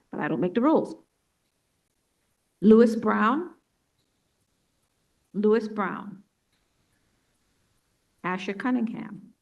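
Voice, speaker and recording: A woman with a New York accent chairing a public board meeting, reading out a roll call slowly and deliberately. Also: on the high side, dull audio. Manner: slow, deliberate name-reading.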